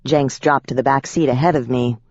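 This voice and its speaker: A woman narrating a first-person audiobook with a wry, lively storytelling manner. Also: a bass voice, fairly quick, breathy edge, dry recording, lo-fi sound.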